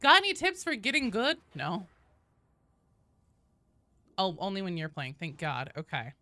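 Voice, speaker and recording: Animated, bright-voiced woman streamer. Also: mid-range voice, a little slow, no echo. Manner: playful, swears, reads chat aloud. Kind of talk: casual live-stream chat while gaming.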